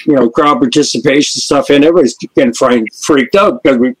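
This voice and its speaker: On a podcast, an older musician who fronts as lead singer tells anecdotes quickly in a husky, mid-range voice, vividly acting out the people in his stories. The recording quality is poor.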